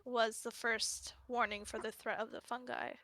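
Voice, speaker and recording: Bright, higher-voiced woman moderator. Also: little pitch movement, moderate pace, a little hiss or hum. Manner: chatty, asks quiz questions, laughs easily. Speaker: panel moderator. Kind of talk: casual panel discussion.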